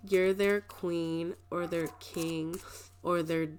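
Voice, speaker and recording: There's a little hiss or hum as a woman with a lowish voice and little pitch movement takes her time. She's giving her viewers a casual tarot reading, rambling emotionally, laughing often, and packing her talk with "like."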